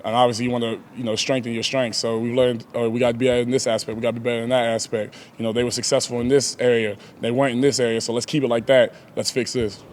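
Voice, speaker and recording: A man's voice: mid-range voice, flat delivery, quick pace, few pauses, a little hiss or hum. A young man, a pro football player, answering press questions casually, laughing often and leaning on "like" and "you know".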